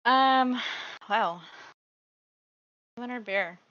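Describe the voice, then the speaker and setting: A woman's voice: fairly high pitch, drawn-out words, no room sound, highs cut off. A woman on an online panel, hesitant and rambling, with lots of fillers. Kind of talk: casual panel discussion.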